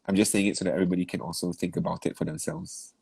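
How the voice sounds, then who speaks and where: A man's voice: deep voice, expressive, rapid-fire, gravelly, a little mellow, slightly rough, dry recording. A man giving feedback as a vocal coach in an online masterclass, asking probing questions and encouraging with easy laughs. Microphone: video call.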